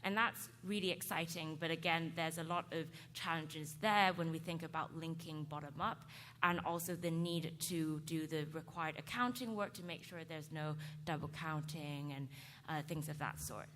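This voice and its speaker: A woman's voice: deep voice, steady tone, normal speed, a bit bright. A woman speaking on a conference panel, explaining things with casual fillers. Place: conference hall. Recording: conference hall reverb, faint noise.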